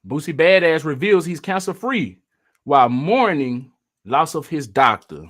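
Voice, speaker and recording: A man's voice: fairly high pitch, expressive, a little slow, fairly bright tone. A man hosting a casual live stream, talking in loose slang and greeting viewers by name as they join.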